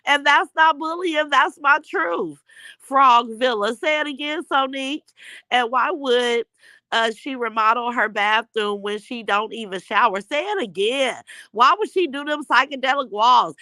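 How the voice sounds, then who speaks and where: A woman's voice: high-pitched, moderate pace, pushed and bright, no room sound, poor audio. A woman hosting a casual gossip livestream, reading viewer comments aloud with sassy, mocking commentary and laughter.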